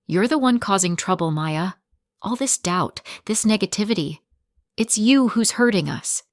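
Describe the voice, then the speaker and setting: A woman's voice: mid-range voice, expressive, normal speed, no echo, close to an everyday voice. A cold, defensive mother fires off accusations in a clipped way, as a woman reads her part. The sound is dry and close. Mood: accusing.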